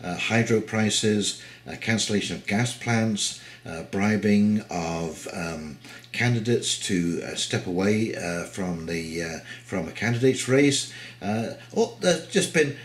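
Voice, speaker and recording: A man's voice: lowish voice, slow. A man giving casual, opinionated political commentary with many hesitations.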